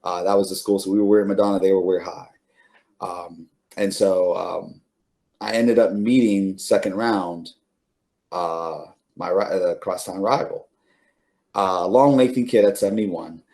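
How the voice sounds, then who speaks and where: A man's voice: low-pitched, unhurried, dark tone. A middle-aged man, an interview guest, telling stories casually with many fillers and restarts, laughing now and then. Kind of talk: casual storytelling.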